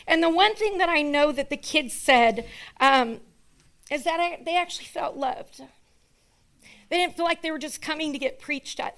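A woman with a bright, high voice speaks to her church congregation in a hall. She is chatty and laughs easily as she thanks the volunteers one after another. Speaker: pastor's wife. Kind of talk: church announcements.

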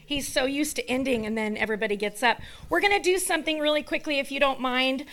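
A pastor's wife making chatty announcements and thank-yous to the congregation in a church hall. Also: female voice, high-pitched, quick pace, a bit bright, a little hiss or hum.

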